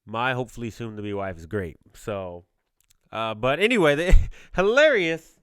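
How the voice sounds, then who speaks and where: A man's voice: mid-range voice, very animated, normal speed, fairly bright tone, smooth, dry recording, studio quality. A young man hosting a casual podcast, talking in a rambling, jokey way and laughing often. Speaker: podcast host.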